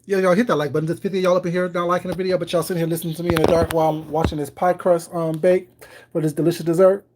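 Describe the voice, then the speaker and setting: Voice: medium pitch, flat delivery, very fast, darkish tone, a little hiss or hum. A livestream host chatting casually with viewers from a home kitchen, greeting people by name and speaking in a wry, ironic way. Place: home kitchen while baking.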